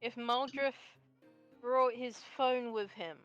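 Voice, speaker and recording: Slow, bright, high-voiced woman player. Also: fairly even intonation, smooth, highs cut off, faint music behind. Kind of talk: casual chat during a tabletop game.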